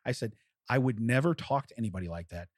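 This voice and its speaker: A man's voice: mid-range voice, animated, fast talker, no echo, clean studio sound. A man telling a long story in casual chat, acting out both sides of a phone call and laughing often.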